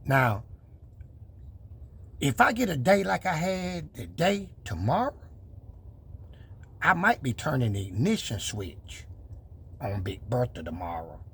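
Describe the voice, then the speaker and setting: A man's voice: medium pitch, slight background noise. A man talking casually to his viewers about his truck build, boastful and preachy in manner.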